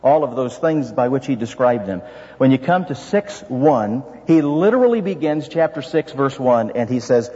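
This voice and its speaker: A man's voice: medium pitch, lively intonation, normal speed, mellow, husky. A man preaching an expository sermon as pastor, earnest and full of rhetorical questions. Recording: dull reverberant hall sound.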